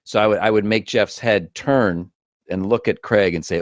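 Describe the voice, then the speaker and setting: A man's voice: fairly low pitch, moderate pace, no room sound, studio quality. A man, an actor and comedian, telling stories as a guest in a casual interview, acting out quotes with shifting voices.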